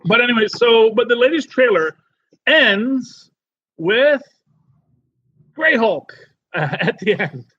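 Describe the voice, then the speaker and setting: A man co-hosting a podcast in casual chat, rambling and animated with many restarts. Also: very high voice, slow pace, pauses often, husky, dry recording, muffled recording. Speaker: podcast co-host.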